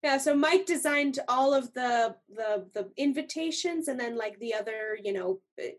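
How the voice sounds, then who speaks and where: High-pitched, husky woman hosting a podcast. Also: normal speed. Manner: upbeat and chatty. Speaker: podcast host. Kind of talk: casual interview chat.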